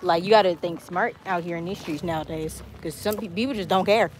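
A woman's voice: lowish voice, fairly even intonation, brisk. Chatty woman on a noisy outdoor stream. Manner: chatty, reading viewer comments aloud. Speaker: travel vlog host. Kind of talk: casual live-stream chat while walking. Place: outdoors on a walking tour. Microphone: handheld phone camera. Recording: noisy outdoor phone audio.

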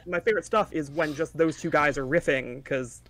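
A man's voice: a little high, fairly quick, a little hiss or hum. A man co-hosting a podcast, chatting casually and a bit hesitantly. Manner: relaxed, hesitant with fillers. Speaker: podcast co-host. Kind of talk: casual chat.

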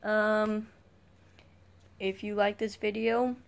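A woman's voice: mid-range voice, flat delivery, takes it slowly, gravelly. A teenage girl vlogging a casual rant to camera, rambling and sighing as she complains. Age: teens. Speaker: YouTube vlogger.

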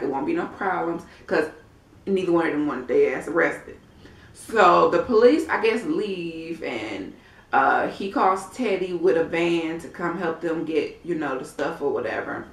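A woman giving a casual, blunt and profane recap of a TV episode, with chatty slang asides. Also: on the low side. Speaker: TV episode reviewer. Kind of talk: casual recap of a reality show. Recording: echoey room, mic at a distance.

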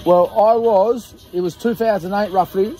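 Filming a relaxed vlog with his mates at a campsite at night, this Australian man in his thirties jokes around, teases and laughs often. He has a warm, high-pitched voice with a steady tone and normal pace.

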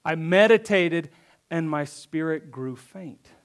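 A pastor preaching a conversational sermon, reading verses aloud and then acting them out with emphatic repetition. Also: male voice, on the high side, animated, slow pace. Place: church.

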